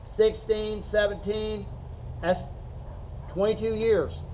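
A man's voice: high voice, fairly even intonation, slow pace, darkish tone, slight background noise, poor audio. A middle-aged man, a chess coach, talking unscripted to the camera in a rambling, emphatic way that circles back and repeats itself.

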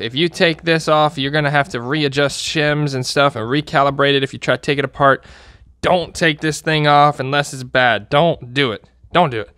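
A man's voice: medium pitch, pushed and bright, clean tone, no room sound, studio quality. A man hosting a repair channel, talking casually through a how-to, plain-spoken and repeating warnings for emphasis. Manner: plain-spoken, walks through steps while pointing things out.

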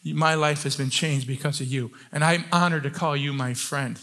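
A man, a church elder, preaching a sermon with passion, moving from quiet talk to shouting and often restarting his sentences. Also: on the high side, fairly even intonation, moderate pace. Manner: many restarts and repeated words.

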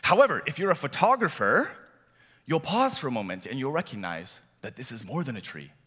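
A man preaching a sermon as youth director, animated with playful asides. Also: mid-range voice, brisk, breathy edge. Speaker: youth director and teaching pastor. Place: church hall. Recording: long church hall reverb.

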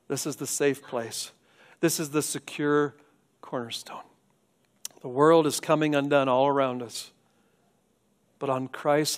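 A man preaching a sermon as pastor, moving between hushed, quiet passages and loud, urgent appeals. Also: medium pitch. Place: church sanctuary.

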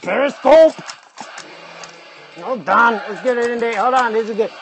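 Excitable high-voiced man unboxing live. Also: a little slow, soft background music. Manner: excitable, exclaims over items while unboxing. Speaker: livestream host. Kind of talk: casual livestream chat. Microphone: phone mic.

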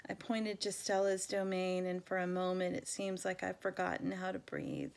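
A woman reading a children's novel aloud in a measured, gentle storytelling manner. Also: on the low side, expressive, creaky. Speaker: reader.

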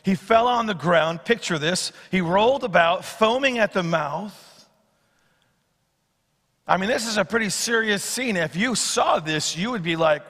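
Pastor, high bright man's voice, swings loud to soft while preaching, big church reverb. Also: animated, measured pace. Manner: expository preaching, acts out Bible quotes, swings from loud to hushed. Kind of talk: sermon. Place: church sanctuary. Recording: long church hall reverb.

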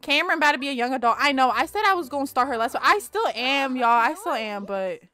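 A woman giving casual, animated commentary on her game, talking straight to viewers, swearing and laughing often. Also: sits high, fast. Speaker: Let's Play creator.

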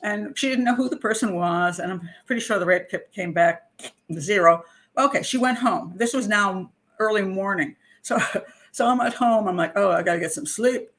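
A woman's voice: medium pitch, moderate pace, a bit bright. A woman who profiles criminals and hosts a show, telling a story in a casual, chatty way with frequent laughter. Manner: chatty, laughs often, acts out quotes.

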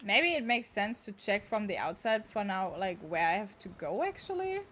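A woman's voice: medium pitch, sing-song, moderate pace, a bit bright, a little hiss or hum. A young woman, chatting and exclaiming as she streams a game. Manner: chatty, exclaiming, talks to chat. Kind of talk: casual gameplay commentary.

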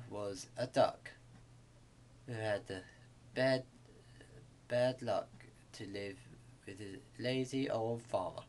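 A man reading a bedtime story aloud to kids, in a halting way with small restarts. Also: mid-range voice.

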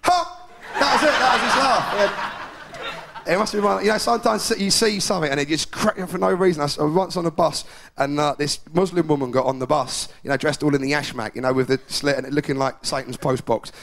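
A man's voice: fairly high pitch, fast talker, vocal fry, a bit bright. A man performing a live stand-up comedy routine, rambling and chatty, often laughing at his own jokes. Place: live comedy venue with audience. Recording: 1990s VHS live recording with hiss.

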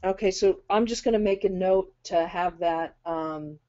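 Brisk woman host with a mellow voice. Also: fairly low pitch. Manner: brisk and direct, reading out viewer questions. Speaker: webinar host. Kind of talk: casual live webinar Q&A. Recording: dull lo-fi audio.

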